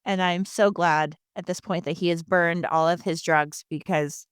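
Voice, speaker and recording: A chatty woman with a New Jersey accent recaps an episode on her podcast, sarcastic and full of asides. Her voice is smooth and clear, and the close mic sounds completely dry. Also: on the low side, steady tone, moderate pace, no room sound. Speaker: podcast host. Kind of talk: casual episode recap chat.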